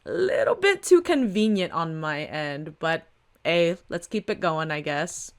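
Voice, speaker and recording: Woman webcomic reader, mid-pitched, casual asides between panels. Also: expressive, unhurried. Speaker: webtoon reader. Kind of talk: reading a comic aloud with commentary.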